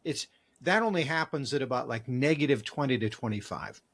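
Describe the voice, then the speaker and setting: A man hosts a casual interview at a middling pitch. He cuts in eagerly and explains things vividly. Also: animated, fairly quick, fairly bright tone. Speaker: podcast host.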